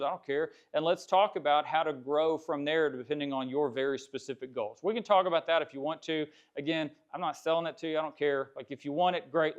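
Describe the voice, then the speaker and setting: A man teaching a real estate investing class in a live seminar, talking candidly and conversationally and often repeating himself. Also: a little high. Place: classroom with cameras. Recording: dull lo-fi sound.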